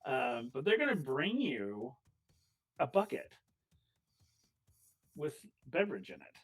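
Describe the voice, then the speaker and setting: A man narrating as game master of a tabletop game, chatty and animated, with many fillers. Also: on the high side, slow, gravelly, no room sound.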